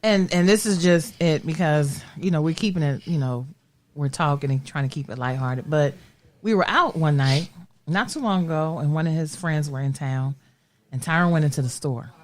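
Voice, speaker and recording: A woman's voice: deep voice, moderate pace. A woman chatting on a podcast, telling a story animatedly and acting out the voices of the people in it. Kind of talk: casual chat, storytelling.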